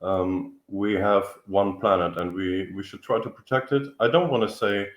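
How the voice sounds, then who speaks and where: A man's voice: sits low, fairly even intonation, normal speed, echoey room. A man with a German accent, a guest engineer speaking in a friendly, hesitant way with many fillers. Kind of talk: casual interview.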